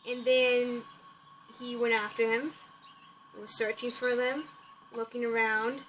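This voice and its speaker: A woman's voice: on the high side, little pitch movement, slow, fairly bright tone, slight background noise, low-quality recording. A woman improvising a story about caterpillars, rambling along with restarts and "he's like" quotes.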